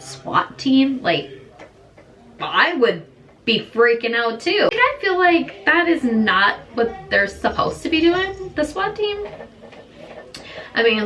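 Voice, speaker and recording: Slow, chatty woman vlogger. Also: medium pitch, a bit bright. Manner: chatty retelling, acts out quoted lines. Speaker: beauty vlogger. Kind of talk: casual chat while doing makeup. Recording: slightly distant with faint room noise.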